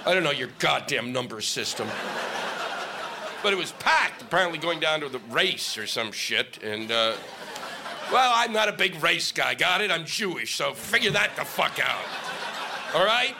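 A man's voice: on the high side, sing-song, normal speed, creaky, noisy background. A male stand-up comic doing a profane, ranting set on stage into a microphone. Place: comedy stage with audience laughing.

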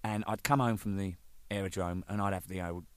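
A man's voice: low-pitched, a little fast, smooth, dry recording. A man telling band stories in a casual, swearing, laughing way. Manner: animated, swearing, laughing, shouting out quoted lines. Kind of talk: casual storytelling monologue.

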